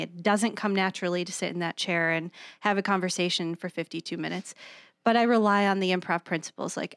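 A woman's voice: medium pitch, dry recording, clean studio sound. An American woman, a guest improv teacher, chatting casually on a podcast, self-deprecating and laughing as she talks. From United States.

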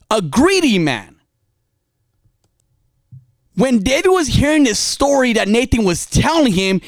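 Man preaching with wildly lively pitch. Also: no room sound, clean studio sound. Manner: dramatic storytelling, confessional, swings from quiet to fiery. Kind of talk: impassioned spoken sermon.

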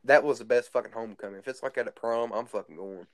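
A man's voice: mid-range voice, fast, no room sound, studio quality. A teenage boy telling rambling stories in casual chat, crude and swearing constantly. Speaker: guest storyteller.

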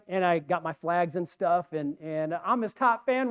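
Preacher guy, fairly high voice, chatty rambling sermon, keeps asking the crowd stuff. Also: moderate pace, hardly any pauses, clean tone, dull audio. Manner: rambling, asks the congregation questions. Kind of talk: conversational sermon.

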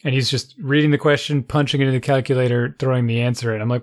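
A man in casual conversation, telling a story with lively, exasperated asides and quoted dialogue. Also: mid-range voice, racing. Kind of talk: casual chat.

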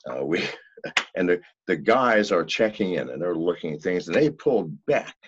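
An older man telling a story as a podcast guest, in a profane, animated way. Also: deep voice, moderate pace, breathy edge, dry recording. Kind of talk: casual storytelling. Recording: dull, lo-fi, dry sound.

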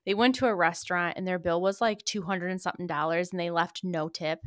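A woman's voice: on the low side, fairly even intonation, brisk, no room sound, clean studio sound. A young American woman co-hosting a podcast, chatting casually, blunt and laughing, swearing freely. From United States. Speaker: podcast co-host. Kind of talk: casual chat.

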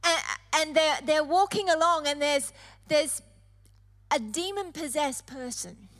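A woman's voice: very high-pitched, very animated, measured pace, long pauses, fairly bright tone. A woman preacher delivering an emphatic sermon, stressing points through repetition. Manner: emphatic, repeating phrases for effect.

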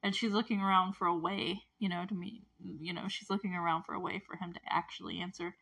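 A woman's voice: on the low side, fairly even intonation, quick pace, fairly bright tone, breathy edge. A woman giving a casual, chatty recap of a TV episode, gushing and rambling with fillers and frequent laughter.

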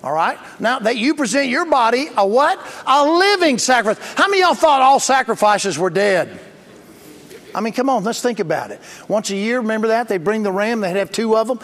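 A man's voice: extremely high pitch, expressive, a little fast, fairly bright tone. A man preaching a sermon as pastor, plain-spoken and emphatic, calling for responses from the congregation. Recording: long reverb of a large hall.

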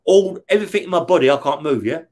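A man telling a rough story from his past in a casual interview, swearing often and checking in with "yeah?" after nearly every phrase. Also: on the high side, fast, a little mellow. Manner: blunt, heavy swearing, keeps checking with "yeah?". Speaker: interview guest recounting prison life.

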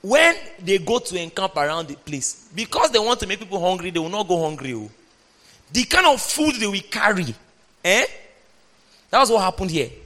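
A man preaching a sermon, reading scripture aloud and speaking emphatically, at times shouting. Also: high-pitched, very animated, normal speed. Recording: long hall reverb.

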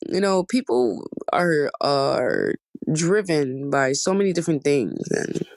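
A woman's voice: low voice, a little mellow, no echo. A woman in her twenties hosting a podcast, talking in a heartfelt, rambling way with emphatic repetition. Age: 20s. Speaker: podcast host. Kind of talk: casual storytime monologue.

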